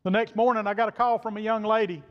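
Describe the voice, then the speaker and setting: A man's voice: sits high, fairly even intonation, quick pace. A man preaching a sermon, telling a story in a folksy, plain-spoken way and quoting the people in it. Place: church sanctuary. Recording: dull reverberant church hall audio.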